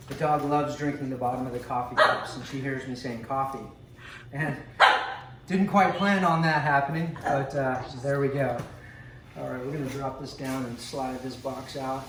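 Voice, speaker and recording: A man chatting casually with frequent ums and asides as he unboxes a coffee maker at home. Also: mid-range voice. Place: home room with a dog. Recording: echoey room, distant mic, noisy background.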